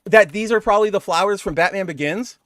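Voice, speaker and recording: A man's voice: high-pitched, fast talker, fairly bright tone, dry recording. A man co-hosting a comic book podcast, chatting casually and rambling with lots of fillers. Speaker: podcast co-host.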